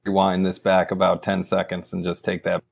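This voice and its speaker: A man's voice: low-pitched, monotone, moderate pace, creaky. A man in his twenties, a podcast guest chatting easily with plenty of likes. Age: 20s. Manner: easygoing, with filler likes. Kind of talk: casual chat.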